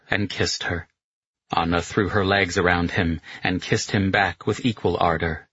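A man reading an audiobook in a steady, measured way. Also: on the low side, breathy edge, dry recording, lo-fi sound. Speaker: narrator. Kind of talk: audiobook narration.

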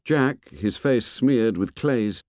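A man narrating a novel in a measured, expressive storytelling voice. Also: medium pitch, no echo, clean studio sound. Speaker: audiobook narrator. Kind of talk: scripted narration.

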